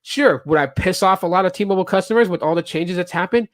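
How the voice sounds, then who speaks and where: A man's voice: high voice, fast, fairly bright tone, no echo. Casual rambling man with a dry sound. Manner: rambling storytelling with many fillers and restarts; acts out quoted customers and reps. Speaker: podcast host. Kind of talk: casual solo podcast talk.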